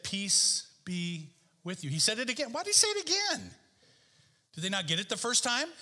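Pastor guy preaching, high bright piercing voice, keeps repeating stuff, long echo. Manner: emphatic, repeats key phrases, rises and falls sharply in pitch. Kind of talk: sermon. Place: church sanctuary.

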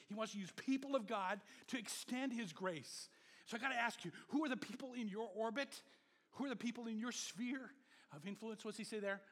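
A male pastor preaching a sermon in an animated way, swinging from loud exhortation to low murmurs and prompting the congregation to repeat words after him. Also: big-room sound.

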